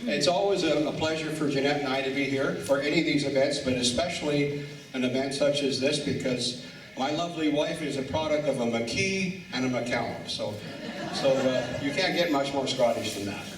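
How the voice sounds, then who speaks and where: A middle-aged man giving a halting mayor's welcome speech at a lunch event, restarting his words. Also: medium pitch. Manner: halting, repeats words at starts. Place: banquet hall at a lunch event. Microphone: far room recording. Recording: echoey hall from far off, noisy.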